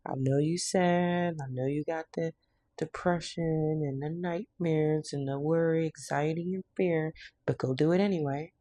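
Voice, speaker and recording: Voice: mid-range voice, fairly even intonation, a little slow, dark tone, no room sound, lightly acted. A tarot reader putting on the voice of a stern, no-nonsense spirit who urges and swears. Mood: urging. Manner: bossy, urging, swears. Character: stern no-nonsense spirit, tough-love elder.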